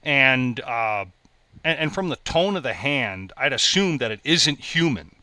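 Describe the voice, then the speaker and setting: A man's voice: mid-range voice, lively intonation, measured pace, sharp tone, dry recording. A man hosting a casual podcast over a video call, talking in a jokey, enthusiastic, rambling way. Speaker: show host.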